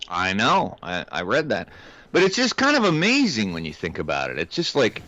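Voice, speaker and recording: A man's voice: lowish voice, huge pitch swings, normal speed, pushed and bright, dry recording. Male co-host, wry rambler, dry slightly muffled sound. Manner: rambling, wry, many restarts. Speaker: podcast co-host. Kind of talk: casual chat.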